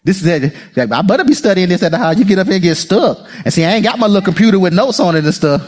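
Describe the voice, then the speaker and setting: A man's voice: high voice, racing. A man preaching a sermon as pastor, calling out to the congregation and acting out voices. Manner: animated preaching, calls to the congregation, acts out voices.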